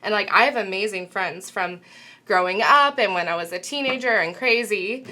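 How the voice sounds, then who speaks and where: A woman's voice: medium pitch, normal speed, pushed and bright. A woman co-hosting a casual panel talk show, earnest and thoughtful, with many filler words. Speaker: co-host.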